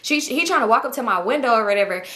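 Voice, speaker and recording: Young woman, fast talker, bright tense voice, slightly high pitch, casual storytime, animated delivery. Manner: animated, acts out other people's lines. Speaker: vlogger telling a story.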